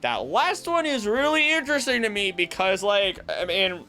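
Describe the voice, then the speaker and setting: A man hosting a video, explaining myths in an animated, jokey, tangential way. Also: high voice, moderate pace, faint music behind. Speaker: voice actor and video host. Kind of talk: casual explanatory commentary.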